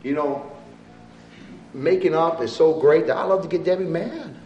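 Man, preacher, sermon, higher voice, impassioned swings from loud to soft, roomy church, distant mic. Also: sing-song, moderate pace, long pauses, slight background noise. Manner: rises to loud impassioned appeals, then drops low and soft. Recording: echoey room from far off.

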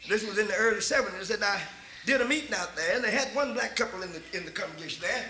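An older man with a Texan drawl preaches in a strikingly high, bright voice. He tells folksy stories, repeats himself and rises into shouts. The sound rings through an echoey church hall with faint background hum. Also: fast. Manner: folksy storytelling, repeats words, builds to shouts. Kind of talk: folksy sermon.

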